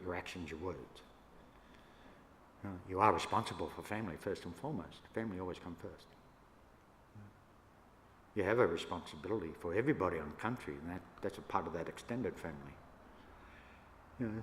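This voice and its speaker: Older Australian man, very low voice, relaxed storytelling, reverberant church hall. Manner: relaxed yarning, laughs between stories. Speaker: First Nations elder speaker. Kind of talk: storytelling talk to an audience. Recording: echoey hall, faint room noise.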